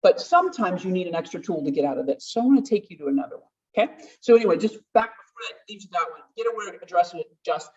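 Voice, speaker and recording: A woman speaking to a conference audience, lively and conversational, acting out quoted voices and laughing often. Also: fairly low pitch, racing, few pauses. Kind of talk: conference talk. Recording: distant, dull room mic.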